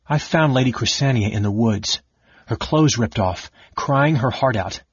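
A man's voice: mid-range voice, a little slow, slightly rough, no echo, muffled recording. An audiobook narrator voicing a big hot-tempered male warrior general who speaks angrily and threateningly. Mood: furious. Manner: angry, threatening, through clenched teeth.

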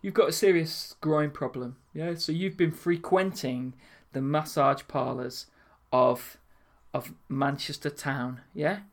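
A man's voice: a little high, slow, few pauses. A young man, telling stories in a casual, laughing podcast chat. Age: young adult. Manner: storytelling, laughing, lively. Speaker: podcast co-host.

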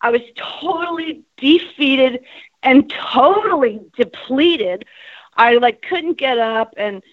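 Speaking slowly in a high voice, a New Jersey woman who's a musician guest shares her story in a blunt, profane, animated way. The recording has no echo but sounds dull.

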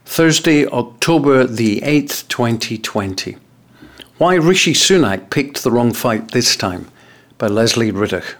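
A man reading an opinion column aloud with lively, expressive emphasis. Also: mid-range voice, measured pace.

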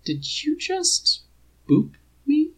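A man voicing a cocky but apologetic archer whose pitch jumps up when he gets excited. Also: normal speed, vocal fry, husky, heavily acted, poor audio. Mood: sheepish. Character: sheepish cocky male archer, apologetic and goofy.

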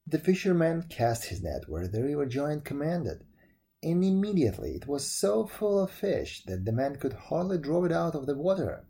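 A man reading a folk tale aloud, his pitch rising and falling with lively expression. His voice has a dark, mellow tone. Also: moderate pace, breathy edge. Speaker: storyteller.

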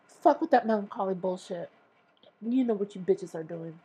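A woman's voice: medium pitch, lively intonation, normal speed, mellow, slightly rough, poor audio. A woman hosting her own podcast, ranting in a profane, exasperated and sarcastic way. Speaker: podcast host. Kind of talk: casual ranting monologue.

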